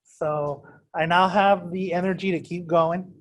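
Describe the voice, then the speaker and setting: Joking man teaching a math class, higher-pitched. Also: steady tone, measured pace. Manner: casual, keeps quizzing the class; joking, self-deprecating. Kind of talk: classroom lecture. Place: classroom with students also on a video call.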